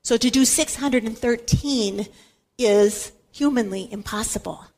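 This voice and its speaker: A woman with a high voice teaches scripture in an emphatic talk. She stresses her points by repeating key words over and over, like a Catholic Bible teacher. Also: measured pace, a little mellow.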